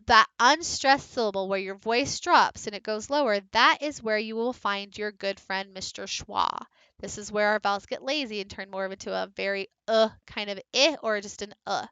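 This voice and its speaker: A woman literacy coach giving a recorded training lesson to teachers, with clear, deliberate teacherly delivery. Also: medium pitch, bright, forceful tone, no room sound, dull audio.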